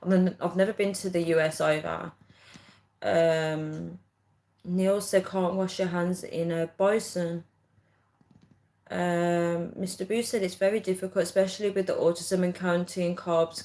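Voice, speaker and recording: Chatty Birmingham woman, low voice. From England. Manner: chatty, warm-hearted, lots of fillers. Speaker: livestream host. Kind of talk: casual livestream chat reading comments.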